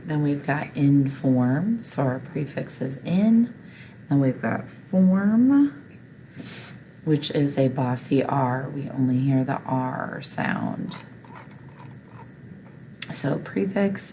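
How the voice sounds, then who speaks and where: Low mellow lady teacher, slow and patient, bit of room hiss. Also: low-quality recording. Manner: patient, step-by-step explaining. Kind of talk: recorded reading lesson.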